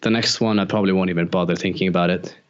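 Low-voiced man from Iceland, dull audio. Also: very fast, clean tone. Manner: relaxed, easygoing, with short agreeing replies. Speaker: guest. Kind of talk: casual conversational interview.

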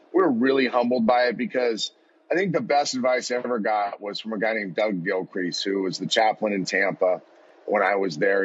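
This podcast guest, a football coach in his forties, has a fairly low, husky voice. He rambles earnestly through a heartfelt personal story, restarting many times, and the recording sounds dull and lo-fi.

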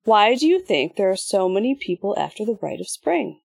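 A woman's voice: mid-range voice, big pitch swings, normal speed, creaky, a little mellow, husky, no echo, full character voice. A woman voicing an arrogant boy villain who demands answers and rants with scorn, in an audiobook. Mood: demanding.

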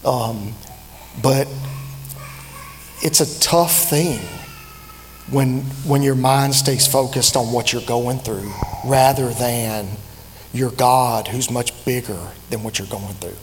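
A man's voice: mid-range voice, fairly even intonation. Man in his fifties preaching in an echoing hall. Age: 50s. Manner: personal and conversational, with frequent pauses and restarts. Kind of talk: sermon. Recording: reverberant hall with faint hum.

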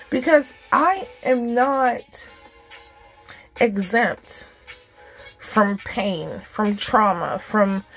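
Woman host, slow and rambling, encouraging, faint music behind. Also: a little high, low-quality recording. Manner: warm, encouraging, rambling with many fillers. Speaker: podcast host. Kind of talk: casual heartfelt talk.

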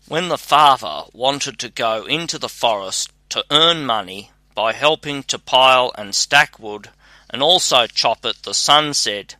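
A man giving a measured, scripted narration of a fairy tale. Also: medium pitch, animated, pushed and bright, no echo.

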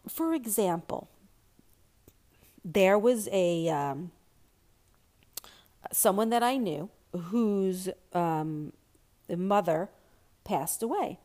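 A woman's voice: mid-range voice, lively intonation, extremely slow, pauses often, darkish tone. A woman talking candidly and reflectively about personal experience, with many fillers and restarts.

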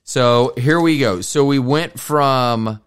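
A man's voice: mid-range voice, takes it slowly, clean tone. A man in his fifties hosting a podcast as a solo monologue, rambling from thought to thought, swearing casually, and joking at his own expense. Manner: rambling, profane, self-mocking. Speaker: podcast host.

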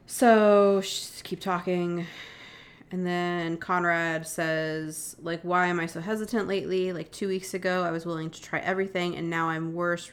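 A woman co-hosting a podcast, casually retelling a true-crime case and reading out text messages, with lots of "like" and "um" fillers. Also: fairly low pitch. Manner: chatty, many "like" and "um" fillers, quotes texts with "she goes". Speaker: podcast co-host.

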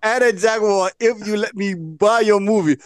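Dude doing a pompous rich prince voice, slow and high, real dry sound. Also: male voice, clear, resonant tone, dry recording, lightly acted. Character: smooth-talking rich male foreign prince.

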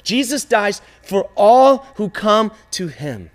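A man preaching a sermon to a youth group, emphatic and repetitive, with dramatic pauses. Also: high voice, big pitch swings. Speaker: youth pastor.

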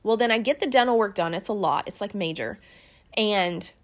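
A woman's voice: mid-range voice, normal speed. A woman giving an earnest, conversational faith teaching built on personal stories, with many fillers and restarts. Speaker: Christian teacher.

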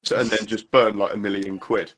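A man in a crude casual chat, throwing in quick playful interjections. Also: fairly low pitch, little pitch movement, a bit bright.

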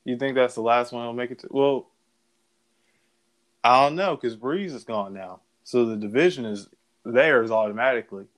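A podcast co-host with a medium-pitched voice talks at a normal speed in a casual chat. He keeps things loose, using slang and laughing often.

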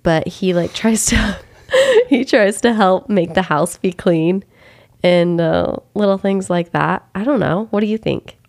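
A woman's voice: on the low side, a little slow, gravelly, a little mellow. A young woman chatting casually as a podcast guest, agreeable and easygoing, laughing often. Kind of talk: casual chat.

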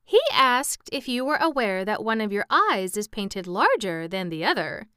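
A woman's voice: high voice, sing-song, measured pace, fairly bright tone, clean tone, dry recording, studio quality, voice pushed up, heavily acted. A woman voicing a teasing, mischievous young girl interpreter in a storybook reading. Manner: teasing and playful.

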